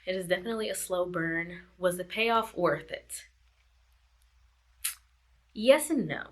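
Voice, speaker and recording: A woman's voice: lowish voice, unhurried. A woman reviewing a book in a casual vlog chat, repeating herself and laughing often. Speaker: book vlogger.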